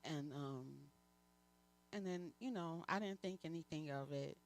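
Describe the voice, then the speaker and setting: Woman minister sharing a halting testimony. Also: deep voice, slight background noise. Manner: halting, candid storytelling with many fillers. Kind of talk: personal testimony within a sermon. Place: church.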